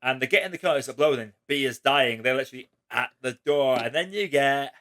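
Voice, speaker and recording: A man hosting a casual spoiler chat, retelling movie scenes in an emotional, animated way. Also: mid-range voice, fairly quick. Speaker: host.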